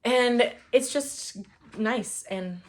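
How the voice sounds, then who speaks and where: A woman's voice: a little high, very slow. A woman reviewing books in a casual, rambling chat, full of fillers and gushing enthusiasm. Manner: rambling, with many fillers and restarts. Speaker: book reviewer.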